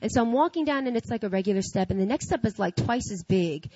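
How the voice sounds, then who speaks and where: A woman's voice: medium pitch, expressive, fast, darkish tone, breathy edge, no room sound, dull audio. A woman telling a personal story to an audience in casual, slangy talk, acting out her own reactions. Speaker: speaker sharing a personal faith story.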